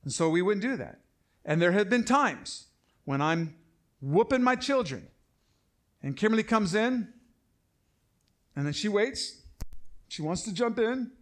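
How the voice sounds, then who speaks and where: A middle-aged man delivers a sermon from the pulpit in a somewhat raised voice for a man. He is emphatic and repetitive, often slowing down so that his main points land. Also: sits high, sing-song. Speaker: pastor.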